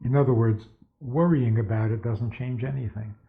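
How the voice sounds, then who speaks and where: A man's voice: mid-range voice, fairly even intonation, moderate pace, vocal fry. Male rabbi, mid-range voice, storytelling teacher, narrow telephone-like recording. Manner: rhetorical questions, storytelling. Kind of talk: spoken lecture with stories. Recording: tinny phone-like sound.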